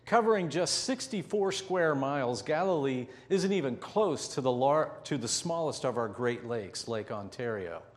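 A man preaching a sermon as pastor, telling a story vividly and slowing down to stress key points. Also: mid-range voice, animated, big-room sound. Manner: vivid storytelling with slow, drawn-out emphasis.

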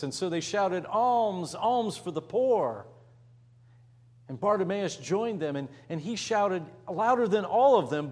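A man's voice: fairly high pitch, darkish tone. A man preaching a sermon, retelling a story dramatically, acting out voices and dropping at times to a near whisper.

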